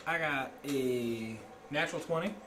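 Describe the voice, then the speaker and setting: A man's voice: mid-range voice, a little slow. A man playing a tabletop game, casually asking about dice rolls. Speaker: player. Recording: distant mic, noisy room.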